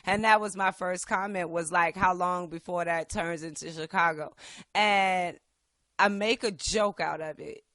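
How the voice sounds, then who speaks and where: A woman hosting a podcast, talking in an impassioned, profane way that swings between quiet and loud. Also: fairly low pitch, fairly even intonation, unhurried, no room sound. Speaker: podcast host. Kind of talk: casual political chat.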